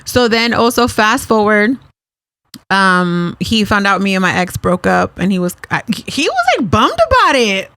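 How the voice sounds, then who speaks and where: A woman guest on a podcast telling stories in casual chat, laughing often, swearing, and talking in quick bursts. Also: mid-range voice, sing-song, sharp tone, no echo.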